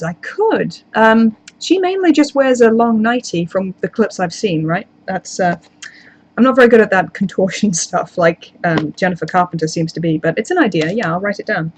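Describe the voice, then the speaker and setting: A woman's voice: medium pitch, expressive, moderate pace, slightly rough. A woman YouTuber in casual live chat, answering viewer comments in a rambling, chatty way with self-deprecating asides.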